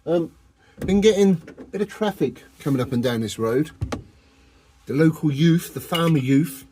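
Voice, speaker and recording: A man's voice: on the high side, animated, moderate pace, warm tone, slight background noise. Cheeky man vlogging from a van. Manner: cheeky, jokey, talks to camera. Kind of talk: casual camping vlog. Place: inside a van, in the countryside. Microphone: phone camera.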